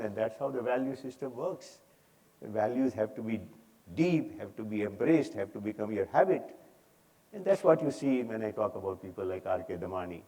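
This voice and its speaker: A man's voice: mid-range voice, dark tone. An older man with an Indian English accent addresses a conference audience. He talks in an emphatic, preaching manner. His force rises and drops as he drives points home. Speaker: speaker. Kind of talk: inspirational talk on stage. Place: conference hall.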